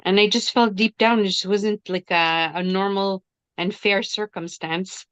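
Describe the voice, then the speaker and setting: A middle-aged woman on a video call, casually telling a personal story with animated quoted dialogue. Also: medium pitch, a little slow, clear, resonant tone, no room sound. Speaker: workshop participant.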